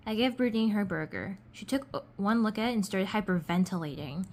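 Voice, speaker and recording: A woman's voice: medium pitch, a little fast, hardly any pauses, darkish tone. A young woman reads a children's storybook aloud, casual and unpolished. She trips over words now and then and picks the line up again. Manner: casual, slips and restarts, laughs at herself. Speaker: doll collector reading a storybook. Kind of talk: reading a children's book aloud.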